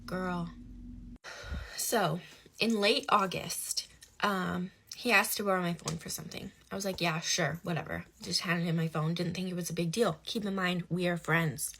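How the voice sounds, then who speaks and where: A young woman telling a personal story in casual conversation, animated, swinging between hushed asides and loud outbursts. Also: fairly low pitch.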